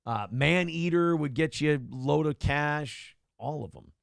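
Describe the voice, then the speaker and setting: A man's voice: fairly high pitch, a little slow, vocal fry, dry recording, clean studio sound. A man hosting a morning show in casual chat, crude and joking, reading out viewer chat.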